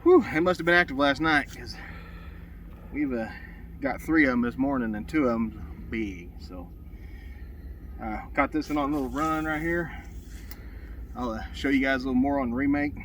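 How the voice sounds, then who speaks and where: A man's voice: mid-range voice, normal speed, pauses often, a bit bright, slight background noise. A man, narrating his trapline outdoors in a folksy, rambling way with lots of fillers, somewhat out of breath. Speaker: trapper. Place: outdoors by ponds.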